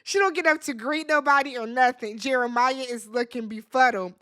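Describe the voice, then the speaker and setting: A woman hosting a casual reality TV recap, talking in an animated, dramatic way with slangy asides. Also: high voice, fairly quick.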